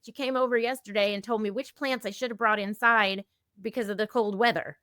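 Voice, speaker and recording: Gentle woman in her fifties explaining. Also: mid-range voice, fairly even intonation, brisk, clean tone, no echo, clean studio sound. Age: 50s. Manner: gentle, explanatory, acts out example dialogues. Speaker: eating disorder specialist guest. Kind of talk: casual podcast conversation.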